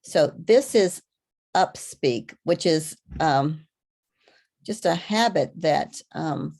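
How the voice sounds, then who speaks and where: A woman gives a live online lecture as a webinar presenter. She talks haltingly, with many ums and restarts, over a video call. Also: sits low, animated, vocal fry, darkish tone.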